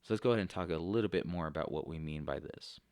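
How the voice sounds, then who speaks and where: Low-voiced man teaching a class. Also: quick pace, a little mellow, clean tone, no room sound. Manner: explanatory, with frequent fillers. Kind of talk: recorded classroom lecture.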